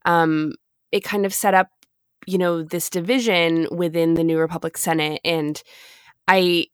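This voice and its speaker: A woman's voice: on the low side, steady tone, measured pace, clear, resonant tone, dry recording, studio quality. A woman in her twenties co-hosting a podcast, chatting casually, laughing often and restarting her sentences. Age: 20s. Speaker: podcast co-host. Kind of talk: casual chat.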